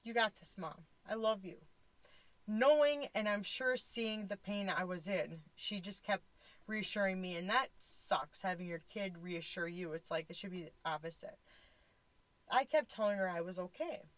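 A woman's voice: medium pitch, moderate pace, dry recording, low-quality recording. A woman in her forties telling a personal story, blunt and candid, fighting back tears. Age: 40s. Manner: blunt, candid, swears casually. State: tearful, voice close to crying.

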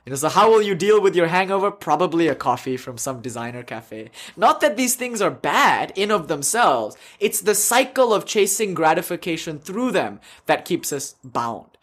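A man's voice: on the high side, very animated, moderate pace, hardly any pauses, fairly bright tone. Chatty, laughing man teaching a yoga class. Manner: laughs often, jokey, rambling with fillers. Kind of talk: casual spiritual talk to a class.

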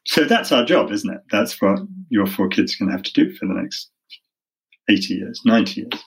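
A middle-aged human rights lawyer who is half American and half British, with a British accent, tells stories in a conversational interview, wry and self-deprecating. His voice is fairly low, animated, fairly quick and a bit breathy, on a rough recording.

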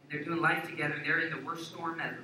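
A man's voice: on the high side, steady tone, fast talker, bright, forceful tone, slight background noise. A man preaching a sermon as pastor, playful and joking as he talks to the congregation. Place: church sanctuary. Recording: echoey church hall from far off with congregation.

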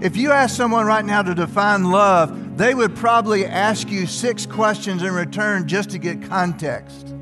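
Older male pastor, high-pitched, conversational sermon in a long-reverb church with faint music. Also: a little slow. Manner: conversational, asks the congregation questions.

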